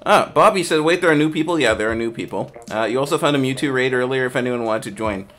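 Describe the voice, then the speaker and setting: A man casually hosting a game stream, reading chat aloud, trailing off and restarting, with bursts of excited play-by-play. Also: medium pitch, fast talker. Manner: excited play-by-play shouting during action. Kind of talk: casual live-stream commentary.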